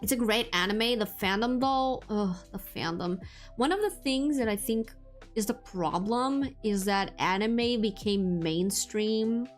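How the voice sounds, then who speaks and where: A woman's voice: medium pitch, measured pace. A young woman streamer chatting casually with viewers, rambling with lots of fillers and restarts. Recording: faint music behind.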